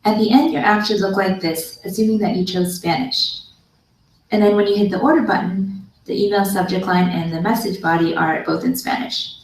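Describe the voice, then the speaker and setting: A woman narrating a scripted programming tutorial in a calm, explanatory way, played as a video in a classroom. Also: medium pitch, normal speed, reverberant. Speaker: online course instructor. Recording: video played into a room, heard from far.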